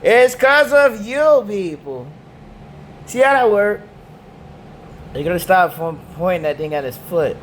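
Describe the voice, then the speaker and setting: A man rants in a loose, slangy, repetitive way, his voice high and leaping up and down. He says his vocal cords are damaged, and he takes his time over each phrase. A faint hum of background noise runs under the recording. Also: animated, measured pace, long pauses. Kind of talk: casual rant to camera.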